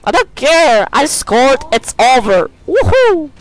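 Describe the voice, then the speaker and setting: A man giving live gameplay commentary into a desk microphone, swearing, frustrated and bursting into shouts. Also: sits high, animated, unhurried, rough recording. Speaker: gaming video creator.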